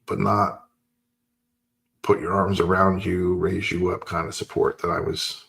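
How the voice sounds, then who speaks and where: Male host, low gravelly voice, animated personal storyteller. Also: unhurried. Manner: animated storyteller acting out dialogue. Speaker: podcast host. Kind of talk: personal story told casually.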